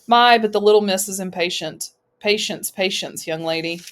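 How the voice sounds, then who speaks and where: A woman voicing a smooth, menacing male overlord who talks in a soothing, patronizing way. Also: mid-range voice, normal speed, fairly bright tone, natural voice.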